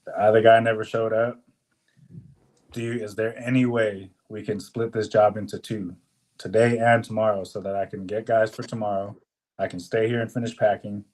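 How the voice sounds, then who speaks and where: A young man co-hosting a podcast, telling a work story in a casual, animated way, swearing often and acting out what people said. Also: lowish voice, normal speed. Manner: animated, profane, swears often, acts out quotes. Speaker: podcast co-host.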